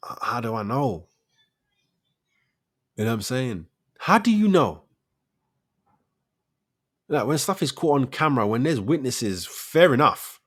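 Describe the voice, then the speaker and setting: A man's voice: mid-range voice, lively intonation, normal speed, long pauses, slightly rough. A man, hosting a casual solo commentary show, firing off rhetorical questions in street slang. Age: 40s. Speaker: host of a debate show.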